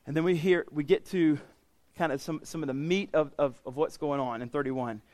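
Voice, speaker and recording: A man's voice: on the high side, normal speed, a little mellow, dry recording. Conversational male preacher, dry sound. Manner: conversational, paraphrasing scripture in casual voices; frequent restarts and repeated words. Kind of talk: sermon, Bible teaching.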